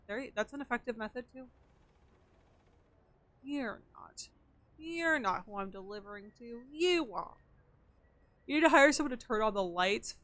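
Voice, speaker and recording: Bright-voiced chatty woman streamer. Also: a little high, dry recording. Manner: chatty, muttering counts and items while playing. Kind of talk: casual gameplay streaming chat.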